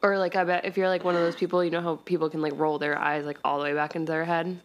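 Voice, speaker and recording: A woman's voice: fairly low pitch, little pitch movement, rapid-fire. A woman co-hosting a podcast, casually recapping a TV episode in a rambling way full of fillers. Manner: rambling, heavy use of "like". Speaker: podcast co-host.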